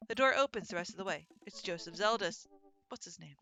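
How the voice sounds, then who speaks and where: Bright, chatty woman streamer. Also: lowish voice, fast talker, soft background music. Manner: animated, chatty, swears and laughs. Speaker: let's play streamer. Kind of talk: casual gameplay commentary and storytelling.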